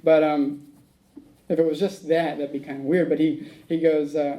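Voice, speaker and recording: A man's voice: a little high, level tone, normal speed, mellow, poor audio. A man speaking at a recovery meeting, telling a rambling personal story, acting out the dialogue and laughing at his own tale.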